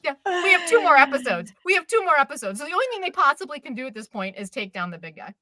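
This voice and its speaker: Animated ranting woman, bright dry voice. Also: high voice, quick pace, dry recording. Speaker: co-host. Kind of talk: live stream chat about TV dramas.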